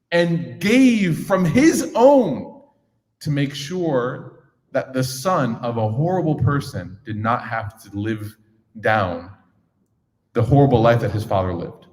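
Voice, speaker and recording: A man's voice: on the high side, darkish tone. A man teaching a young audience in a casual, joking way, acting out little scenes as he talks, recorded in a large echoing hall. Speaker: religious teacher. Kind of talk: lively talk to a young audience. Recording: echoey hall reverb.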